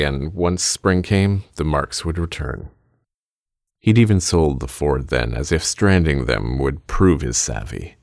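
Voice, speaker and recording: A man narrating a fiction story in a measured, steady reading. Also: extremely low pitch, no echo, clean studio sound.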